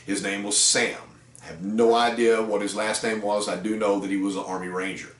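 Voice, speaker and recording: A middle-aged man speaks in a low voice, talking to salespeople in a casual, rambling way with plenty of fillers. He sounds distant from the mic, and his voice carries a roomy echo. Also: steady tone, a little fast. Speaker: car sales trainer. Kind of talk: storytelling talk to salespeople.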